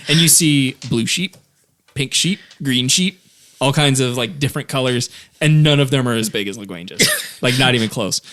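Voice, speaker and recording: A man's voice: medium pitch, pushed and bright. A man narrating as game master of a tabletop game, rambling with many fillers and frequent laughs.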